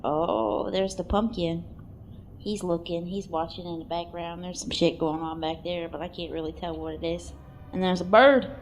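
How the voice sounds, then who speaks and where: A woman's voice: fairly low pitch, normal speed, a little hiss or hum. Crude offhand woman narrating a cartoon. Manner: crude, offhand, bursts into excited exclamations. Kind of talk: casual comic play-by-play narration.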